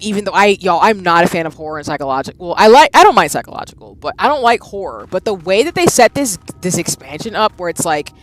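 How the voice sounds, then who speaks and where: Animated woman streamer in her thirties. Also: medium pitch. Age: 30s. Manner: loud exclaiming reactions, chatting with viewers. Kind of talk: live game stream chat.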